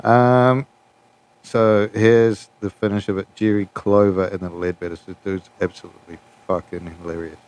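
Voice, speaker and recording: Blunt low-voiced podcast host man. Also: level tone, moderate pace, darkish tone. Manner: blunt, profane, offhand. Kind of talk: casual podcast rant.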